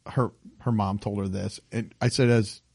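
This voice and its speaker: A man's voice: on the low side, normal speed, vocal fry, husky, no echo. A man chatting casually on a podcast, telling stories with laughter and acted-out voices. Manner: animated storyteller, acts out voices with laughs. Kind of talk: casual chat.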